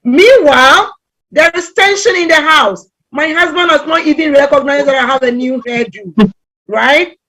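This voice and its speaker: Animated woman telling stories, fairly high voice. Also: moderate pace. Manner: animated storytelling, acts out quoted voices. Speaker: relationship talk guest speaker. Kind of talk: conversational talk on relationships.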